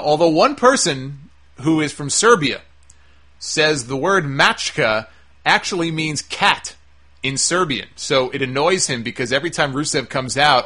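A man with a fairly high, bright voice talks through a wrestling show in a loose, casual monologue. He sounds opinionated and sarcastic, and he swears without holding back.

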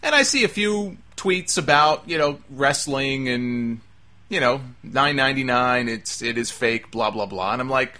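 A man's voice: mid-range voice, lively intonation, a little slow, pushed and bright. A man hosting a talk show, delivering an emphatic, exasperated opinion monologue. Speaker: wrestling talk show host.

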